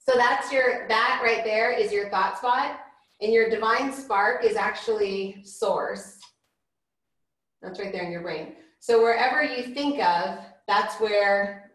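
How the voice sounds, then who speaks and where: A woman leads an informal spiritual class and explains things in a loose, chatty way, doubling back on her words. Her voice sits at an ordinary middle pitch. The room around her echoes noticeably. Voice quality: rambling, chatty, many restarts and fillers. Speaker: spiritual teacher.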